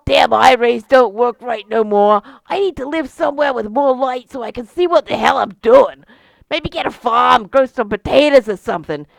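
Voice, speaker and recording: An old, worn-out beholder with a thick Boston accent, wheezing and grumbling his way through a friendly chat, as a woman puts him on. The voice is pitched up and pushed loud. It sounds gravelly and dry in a tabletop game. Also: moderate pace, dry recording, rough recording. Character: old weary beholder monster, gruff, retiring.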